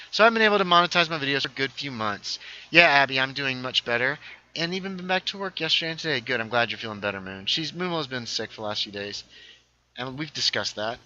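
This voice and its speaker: A man's voice: mid-range voice, quick pace, sharp tone, muffled recording. A man hosting a casual gaming livestream, thinking aloud as he builds and reading viewer chat aloud. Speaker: livestream host.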